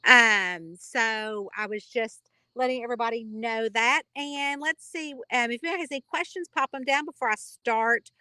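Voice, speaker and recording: Bubbly Kentucky woman, bright voice. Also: a little high, normal speed, smooth, no echo. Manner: chatty, rambling, bubbly, reads out viewer comments. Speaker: author hosting a live reader chat. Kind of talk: casual livestream chat.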